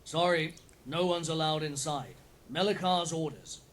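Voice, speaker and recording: A man's voice: a little high, a little slow, very noisy, natural voice. A man playing a stern gate guard, raised voice. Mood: firm. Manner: firm, dismissive.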